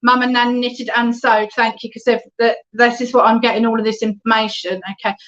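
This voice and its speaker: A woman's voice: a little high, level tone, fairly quick, fairly bright tone. A woman giving a spiritualist medium reading in an online service, talking chattily and often checking in with "okay?". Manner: chatty, reads out viewer comments, often adds "okay?". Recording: dull lo-fi online stream audio.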